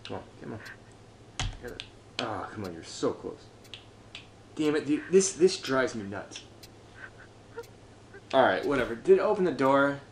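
A gameplay streamer narrates his own play while talking to himself, frustrated and swearing constantly, his lively pitch swinging between muttering and yelling. He speaks a little slowly with frequent pauses, against a noisy background.

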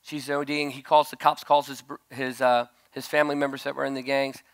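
A man preaching a sermon at a conference, telling a story and rising to loud shouted peaks. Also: medium pitch, flat delivery, fairly quick. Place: conference stage.

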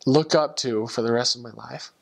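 A young man and returned missionary, telling a personal testimony story in an earnest, emotional way, with halting restarts. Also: medium pitch, vocal fry.

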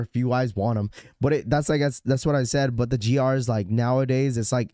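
Hoarse man chatting on a sneaker stream. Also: medium pitch, warm tone, no echo, clean studio sound. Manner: talks to chat in a casual, rambling way with restarts. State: hoarse from a sore throat. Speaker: sneaker livestream host. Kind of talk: casual live-stream chat.

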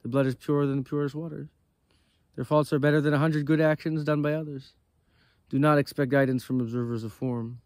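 A man voicing God as a divine male figure, reading his lines in a measured, solemn way. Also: on the high side, fairly even intonation, darkish tone, no echo, lightly acted.

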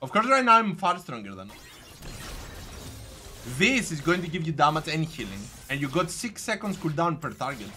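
A man giving live gameplay commentary, reacting excitably and shouting at times. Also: on the high side, normal speed, faint music behind. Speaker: gameplay streamer.

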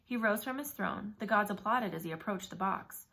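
Woman narrator, audiobook reading, first-person story, brisk and vivid. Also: mid-range voice, sharp tone.

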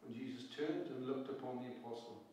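A man's voice: mid-range voice, fairly even intonation, fairly quick, mellow. A man from Pembrokeshire with a Pembrokeshire Welsh accent, preaching an earnest evening sermon full of rhetorical questions and repeated phrases. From Pembrokeshire, Wales. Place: church hall. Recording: very echoey church, distant mic.

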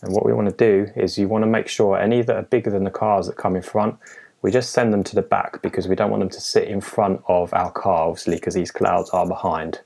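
A man walking through a digital illustration step by step in a relaxed, methodical tutorial voice-over, with frequent pauses and filler sounds. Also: low-pitched, creaky. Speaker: illustrator teaching a design tutorial. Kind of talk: screen-recorded software tutorial narration.

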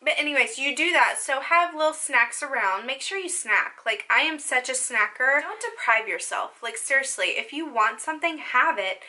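Bright, chatty young woman vlogger. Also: sits high, animated, moderate pace, few pauses. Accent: Southern US country. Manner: rambling, upbeat, jumps between topics. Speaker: lifestyle vlogger. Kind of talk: casual chatty advice to viewers.

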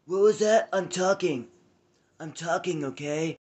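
A man's voice: on the high side, measured pace, a little mellow, voice pushed up, natural voice. A man impersonating a boastful older male ex-president who brags and mixes up names. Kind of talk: comedic impression sketch.

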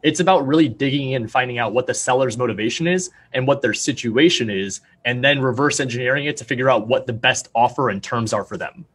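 A young man talks fast and sure of himself, laying out figures in a salesy pitch. His voice is a touch husky, and the pace rarely lets up through a podcast interview. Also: fairly bright tone. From Arizona, USA. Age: young adult. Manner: fast, confident, salesy explaining. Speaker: real estate agent, guest.

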